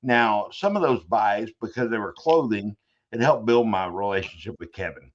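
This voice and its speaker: A man's voice: lowish voice, expressive, normal speed. A man hosting a podcast, telling rambling stories in a joking, casual way. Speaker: podcast host. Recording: dull lo-fi audio.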